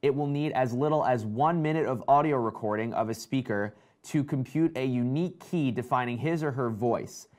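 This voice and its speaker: A man's voice: medium pitch, normal speed, few pauses. Chatty man hosting a tech stream. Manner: excited, chatty, reads out viewer comments. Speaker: tech show host. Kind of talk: casual live-stream tech chat.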